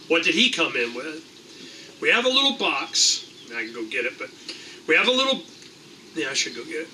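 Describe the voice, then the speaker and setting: A middle-aged man holds forth to a meeting in a loose, rambling way, tossing in casual swearing. His voice sits high and very bright. He is heard from a distance, with faint room noise behind him. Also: big pitch swings, a little fast. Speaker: host of a liberty meeting. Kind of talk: animated casual talk to a room.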